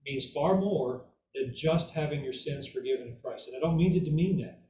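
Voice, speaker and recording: A man's voice: a little high, moderate pace, mellow, a little hiss or hum. A man giving an informal Bible teaching who keeps checking in with "okay?" and "right?" and repeats words for emphasis. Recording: echoey room, mic far off, faint ambience.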